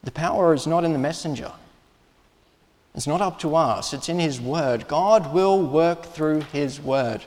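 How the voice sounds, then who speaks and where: A man preaching a sermon in a church, earnest and emphatic, with pauses and restarts. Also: fairly high pitch, a little mellow, in a large hall. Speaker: pastor.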